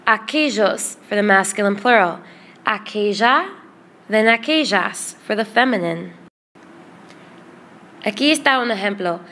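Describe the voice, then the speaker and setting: A woman teaching a Spanish grammar lesson in English, explaining patiently and repeating word lists slowly. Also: fairly high pitch, fairly bright tone.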